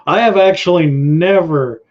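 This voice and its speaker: A man's voice: sits high, a little mellow. A Canadian man hosting a casual live-stream chat, rambling and laid-back, trailing off and restarting his sentences. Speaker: host. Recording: dull lo-fi stream audio.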